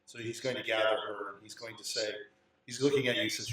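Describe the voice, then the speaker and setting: Echoey game master, set back from mic. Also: male voice, fairly low pitch, recorded from a distance. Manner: relaxed, halting narration with many fillers. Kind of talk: narrating a tabletop game.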